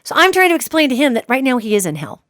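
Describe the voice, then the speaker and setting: A woman hosts a psychic radio show, telling a long story straight to her listeners. Her voice sits fairly high and sounds close and dry. She talks with emphasis and keeps checking in with the audience as she goes. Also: sing-song, quick pace, a bit bright, no echo.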